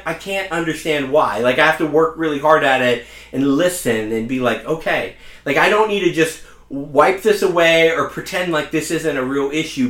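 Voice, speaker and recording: A man's voice: fairly high pitch, fairly bright tone. Earnest male pastor in echoey room. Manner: earnest, conversational preaching with personal stories. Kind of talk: sermon.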